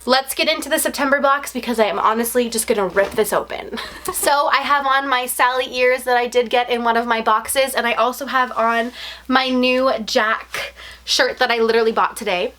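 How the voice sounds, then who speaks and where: A young woman vlogging an unboxing, talking casually and gushing with excitement. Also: on the high side, normal speed. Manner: gushing, breathless and effusive.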